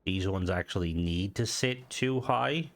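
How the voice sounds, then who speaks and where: A man's voice: low voice, unhurried, fairly bright tone. A man with a nasal, stuffy voice from hay fever, thinking aloud as he comments on a game. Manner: rambling, thinking aloud with restarts. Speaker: gaming video host. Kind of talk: casual gameplay commentary.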